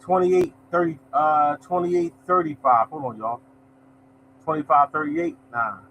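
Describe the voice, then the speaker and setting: A man runs a casual live lottery show, slightly high-voiced and loose in tone. He keeps up a friendly running chatter, greeting viewers and saying "y'all" often. A faint background hiss sits under his voice. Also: steady tone, a little slow, highs cut off. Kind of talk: casual live-stream chat, reading results.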